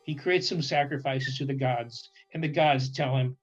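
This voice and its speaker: A man casually telling a history story with humor, acting out characters' lines in quick voices. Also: medium pitch, highs cut off, soft background music. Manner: animated, acts out quotes in voices, restarts often. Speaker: podcast co-host.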